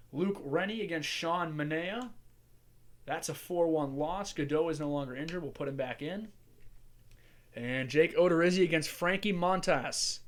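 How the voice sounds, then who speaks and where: Casting: man, slightly high voice, casual chatty gameplay commentator thinking out loud. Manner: chatty, musing aloud while playing. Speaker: gaming channel host.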